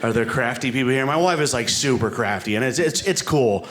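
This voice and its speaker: A man's voice: medium pitch, lively intonation, brisk. A man doing a stand-up routine, talking in a rambling, self-deprecating way and leaning on filler words. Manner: rambling, self-deprecating, full of "like" and "you know". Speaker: stand-up comedian. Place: comedy club stage with a live audience. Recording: live room with audience noise.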